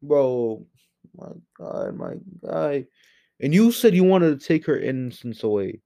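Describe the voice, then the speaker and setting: A man hosting his own solo podcast, ranting in a heated, profane and exasperated way, swinging from low mutters to loud outbursts. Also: big pitch swings, unhurried, vocal fry. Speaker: podcast host.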